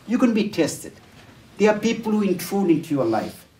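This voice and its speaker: Here the man's voice is high-pitched and mellow, moving at a moderate pace with big swings in pitch. His workshop lecture on family life unfolds as a series of stories, with dialogue acted out in altered voices and plenty of hesitant fillers. A distant mic in the roomy talk venue gives the recording a spacious echo.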